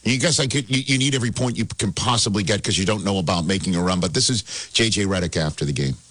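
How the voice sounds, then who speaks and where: A man hosting casual sports talk, animated and excitable, laughing as he tells it. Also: fairly low pitch, quick pace. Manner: animated, excitable, laughs while telling stories.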